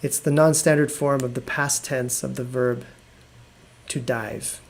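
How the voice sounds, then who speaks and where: A man teaching an English lesson on a live video stream, explaining patiently and repeating words slowly. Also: mid-range voice, steady tone, vocal fry. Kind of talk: live online language lesson.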